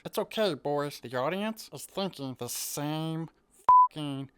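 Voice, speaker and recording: A woman's voice: sits low, expressive, slow, smooth. A woman narrating a sarcastic, profane comedic movie review.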